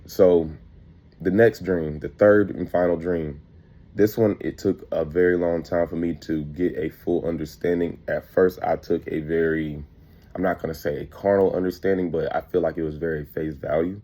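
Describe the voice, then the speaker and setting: A man's voice: low-pitched, steady tone, moderate pace, mellow. A man earnestly recounting prophetic dreams as spoken testimony, often repeating himself and quoting the people in his dreams. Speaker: preacher sharing dreams.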